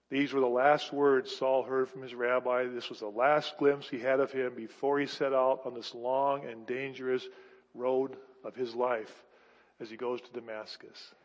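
A male pastor preaching a sermon, emphatic and full of restarts, with sudden swings between loud and soft delivery. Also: medium pitch, steady tone, normal speed. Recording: dull, echoey hall recording.

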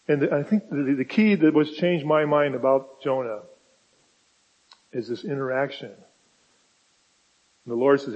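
Male preacher, fairly high voice, relaxed storytelling sermon, recorded dull in a reverberant hall. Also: moderate pace, pauses often. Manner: conversational, storytelling, voices God and Jonah in quotes.

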